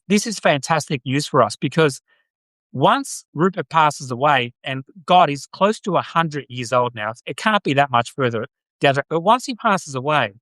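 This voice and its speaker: A man's voice: fairly high pitch, fairly bright tone, no echo, low-quality recording. A man with an Australian accent hosting a live podcast stream, chatting casually with viewers and rambling with many fillers and restarts.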